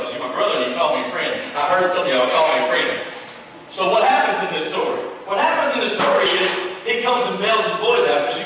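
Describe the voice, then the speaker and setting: A man, preaching a sermon in a folksy, animated way, with playful asides. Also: sits high, a little hiss or hum. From Texas. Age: 30s. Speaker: pastor. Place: church hall. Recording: echoey church hall, far from the mic.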